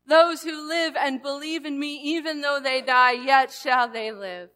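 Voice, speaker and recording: A woman reading the words of Jesus aloud in a slow, hushed way during a sermon. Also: high-pitched, steady tone. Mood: solemn. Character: calm man Jesus speaking gently. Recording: long hall reverb.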